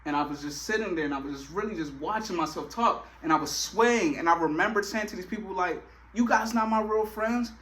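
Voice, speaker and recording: Young man, slangy storyteller, high-pitched, bright, animated. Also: quick pace, few pauses. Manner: slangy, animated, lots of filler phrases. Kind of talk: casual storytelling.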